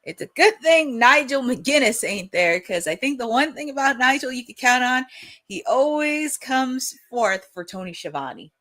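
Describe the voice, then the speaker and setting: A young woman hosting a live watch-along, chatting and reacting excitedly with frequent laughs. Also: sits high, normal speed.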